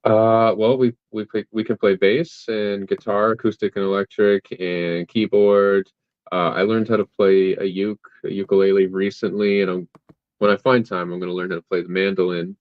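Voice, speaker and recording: A man's voice: lowish voice, level tone, moderate pace, no room sound, narrow, tinny audio. A man, a comic creator guest, chatting casually and hesitantly, often restarting his sentences. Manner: hesitant, many fillers and restarts. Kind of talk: casual interview chat.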